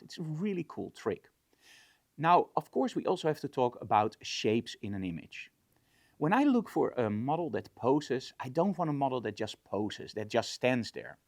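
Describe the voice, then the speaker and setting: A man talks through a photo shoot's lighting as an instructor, his voice rising and falling with lively enthusiasm. He speaks at a middling pitch in a conversational way. The recording is dry and close, with little room sound. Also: no echo. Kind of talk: explaining a lighting setup.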